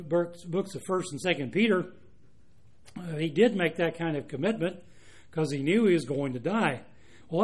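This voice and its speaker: A man preaching a sermon, earnest and unhurried, with frequent restarts and fillers. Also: a little high, darkish tone.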